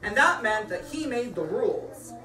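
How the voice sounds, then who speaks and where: A woman reading a picture book aloud to children, playful and animated, chatting about the pages as she goes. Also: on the high side, normal speed, a crowd in the background. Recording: echoey room from far off.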